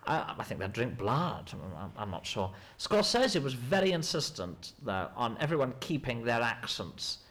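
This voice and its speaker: A man, an actor in a mock interview, rambling and hesitant with a deadpan delivery. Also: medium pitch, normal speed, few pauses.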